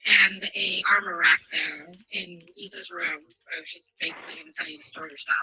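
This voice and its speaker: A woman's voice: lowish voice, fairly even intonation, normal speed, sharp tone, slight background noise, rough recording. A woman playing a tabletop game, talking casually and stepping out of character. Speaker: player.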